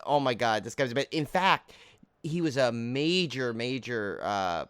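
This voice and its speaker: A man co-hosting a horror movie podcast, chatting casually and jokingly with lively energy. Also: mid-range voice, smooth, dry recording. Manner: animated, quick to joke. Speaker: podcast co-host. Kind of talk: casual chat.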